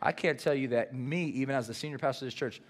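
A man, the senior pastor, preaching a sermon and acting out lively dialogue. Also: mid-range voice, fast talker. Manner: animated preaching with acted-out dialogue.

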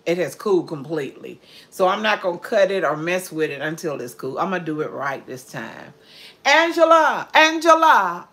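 A woman's voice: on the low side, fairly bright tone. An older woman chatting casually on her cooking livestream, heartfelt and reading out viewer comments. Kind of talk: casual chat.

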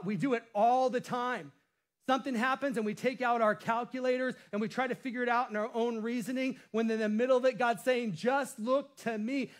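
A male pastor preaching a sermon with a playful style, cracking jokes and laughing at himself. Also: sits high.

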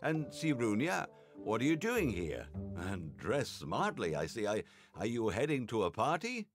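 A man voicing Mikola, an excitable village moonshiner, in a raised, animated voice. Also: fairly low pitch, measured pace, over music. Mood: friendly. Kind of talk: game voice acting.

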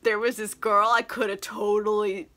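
A woman voicing a vain, self-absorbed young gentleman, recapping him in smug, slangy, swearing speech. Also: medium pitch, little pitch movement, normal speed, natural voice.

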